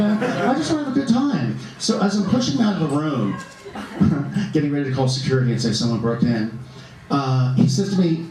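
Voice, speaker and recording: A man doing stand-up comedy in a comedy club, camp and animated, bantering with the audience. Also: on the high side. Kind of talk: stand-up comedy with crowd work. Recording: echoey club heard from a distance, audience laughter. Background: audience laughing.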